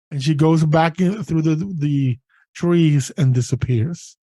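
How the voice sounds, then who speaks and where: A man narrating a tabletop role-playing game as game master, setting scenes in a deliberate way. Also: on the high side, mellow, no echo.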